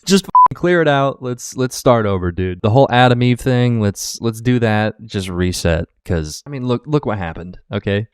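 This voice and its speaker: A man's voice: on the low side, fairly bright tone, no room sound, clean studio sound. A male reaction video host who rants in exasperated, profane, casual talk. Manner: exasperated, ranting.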